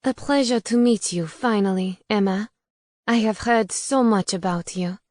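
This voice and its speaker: A woman's voice: mid-range voice, measured pace, darkish tone, no echo, studio quality, close to an everyday voice. A woman narrator voicing a poised, flirtatious female succubus with a slight Eastern European accent. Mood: flirty. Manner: teasing, gracious.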